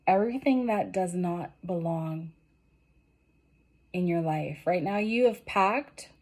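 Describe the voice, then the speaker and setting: A woman's voice: on the low side, darkish tone. A woman giving a general tarot reading to her viewers in an earnest, encouraging and emotional way, tearful and losing her voice. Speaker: tarot reader.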